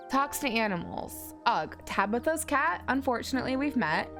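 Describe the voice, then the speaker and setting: A woman's voice: high voice, animated, moderate pace, few pauses, fairly bright tone, soft background music. Chatty woman streamer thinking aloud. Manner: chatty, giggly, thinks aloud with many ums. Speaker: streamer playing a story game. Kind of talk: live game playthrough, reading choices aloud.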